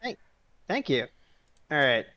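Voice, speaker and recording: A man's voice: medium pitch, big pitch swings, takes it slowly, pushed and bright, no echo, muffled recording. A man playing a tabletop game who jokes, swears and talks through his moves as he goes. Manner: playful, swearing, thinking aloud. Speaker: player. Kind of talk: casual tabletop game chat.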